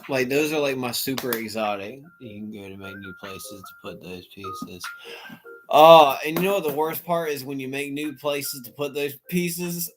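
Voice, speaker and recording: A man hosting a casual livestream chat, talking in an animated way and bursting into playful shouting impressions. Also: mid-range voice, normal speed, soft background music. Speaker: livestream host.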